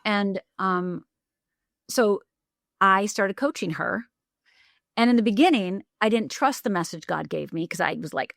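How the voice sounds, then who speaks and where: Animated storytelling woman, dry close mic. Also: mid-range voice, no room sound. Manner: acts out quoted voices, fast bursts with restarts. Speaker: podcast guest, life coach.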